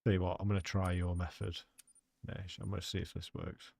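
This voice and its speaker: A man's voice: deep voice, little pitch movement, fairly quick, vocal fry, darkish tone. A man giving chatty, rambling live commentary as he plays a hunting game and talks to his chat. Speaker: game streamer.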